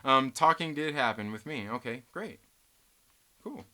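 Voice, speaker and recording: A man's voice: medium pitch, expressive, measured pace, sharp tone. A man hosting a live stream, reading viewer chat aloud and ranting with lots of swearing and laughter. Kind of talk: casual live stream rant.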